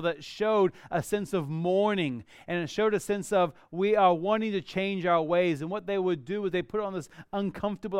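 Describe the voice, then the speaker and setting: A male pastor preaches a sermon in a high, ringing voice that stays smooth and clear, rising to emphatic, lively bursts as he reads scripture. The sound is dry and close, with no room echo.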